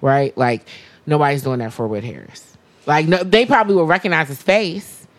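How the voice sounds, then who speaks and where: A woman in her thirties co-hosting a podcast in an easy, casual chat. She talks in an animated, emphatic way, with a very low voice. She swears freely. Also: moderate pace. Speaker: podcast co-host.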